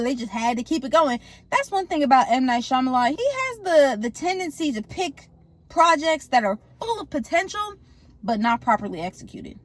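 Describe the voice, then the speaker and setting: A woman recapping a movie in a casual, slangy, jokey way, acting out the characters as she goes. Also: sits high. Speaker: movie reviewer.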